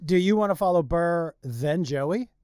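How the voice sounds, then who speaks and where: A man's voice: on the high side, lively intonation, a little slow, a little mellow, clean tone, dry recording, studio quality. Laid-back, blunt male comedian guest. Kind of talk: casual chat.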